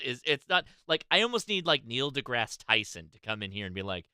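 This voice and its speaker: A man hosting a casual panel discussion, talking in an animated, emphatic way and swearing now and then. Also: mid-range voice, a little fast, hardly any pauses, smooth, no echo, studio quality. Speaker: host.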